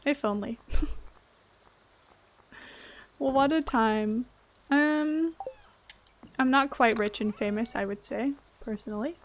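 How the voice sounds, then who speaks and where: A woman with a high voice chats with viewers while she plays a game. She talks slowly and laughs often in an easy, casual way. Faint noise sits under her voice. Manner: giggly, chatty, answering chat. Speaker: streamer. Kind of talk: casual gameplay chat.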